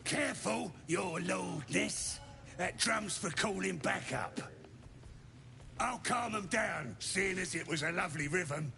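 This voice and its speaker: A man voicing a gruff, wary male goblin guard who gives sly, bossy warnings. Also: high-pitched, lively intonation, takes it slowly, sharp tone, faint music behind, full character voice.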